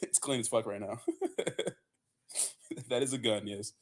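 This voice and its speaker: Young male streamer, rambling, cussing, relaxed chat to viewers. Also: mid-range voice, takes it slowly. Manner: loose, profane, rambling with many fillers and "bro". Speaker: livestream host. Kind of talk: casual livestream chat reading viewer comments.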